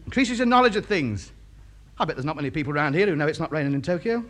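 A man's voice: on the high side, big pitch swings, fast talker, a bit bright. An actor playing a pompous, indignant male lodger who chatters about his radio hobby in a radio comedy. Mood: chattering.

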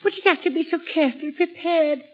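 A woman's voice: very high voice, fast talker, faint music behind. An actress playing a fussy, hypochondriac old mother in a comic sketch, whining and self-pitying. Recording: tinny, phone-like old recording.

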